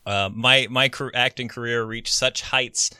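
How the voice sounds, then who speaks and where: A man's voice: mid-range voice, steady tone, unhurried, bright, forceful tone, clean tone, no room sound, clean studio sound. A man co-hosting a casual podcast who tells jokey stories, laughs often, and reads scripture aloud. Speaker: podcast co-host. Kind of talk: casual chat and scripture reading.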